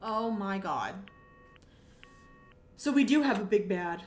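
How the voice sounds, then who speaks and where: A woman's voice: medium pitch, expressive, takes it slowly, darkish tone. A woman streamer giving casual, reactive commentary while playing a horror mystery game. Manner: reactive, exclaiming. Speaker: let's play streamer. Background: background music.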